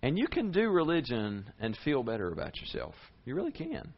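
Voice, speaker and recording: A man preaching a sermon as a pastor, conversational and lively, with big rises and drops in his voice. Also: fairly quick, gravelly, lo-fi sound. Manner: lively, conversational preaching with sharp swings in pitch and volume.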